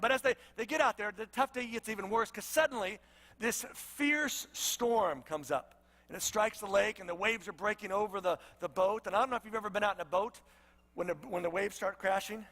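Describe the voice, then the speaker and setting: A man's voice: high voice, fairly bright tone, in a large hall. A man preaching a sermon as pastor, in a casual storytelling way with lots of conversational asides.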